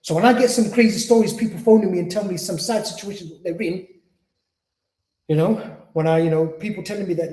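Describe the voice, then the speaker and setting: In an echoey lecture hall, an Islamic teacher and spiritual healer gives a mosque lecture at an Islamic centre. His high, mellow voice moves at a quick pace as he chats with listeners, plays out short dialogues, and keeps slipping in "you see."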